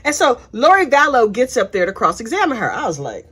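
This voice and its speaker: A high-pitched, very animated woman hosting true-crime commentary, her voice swooping all over as she gossips. She talks with sass and plenty of slang, as if chatting with a friend. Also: brisk, slightly rough. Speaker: host.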